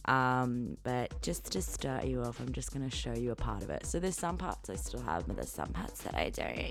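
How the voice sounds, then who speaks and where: A young Australian woman hosts her podcast in a low voice. She is hungover and rambles loosely, swearing and cutting herself off mid-sentence. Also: lively intonation, a little fast, gravelly, few pauses, faint music behind. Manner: rambling, swearing, self-interrupting. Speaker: podcast host. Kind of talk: casual chat.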